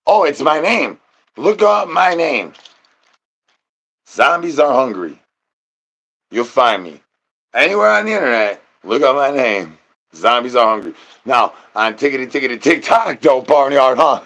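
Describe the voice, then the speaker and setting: Man, livestreamer, rambling chat, nonsense rhymes, goofy slang, mid pitch. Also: lively intonation, unhurried, long pauses, fairly bright tone.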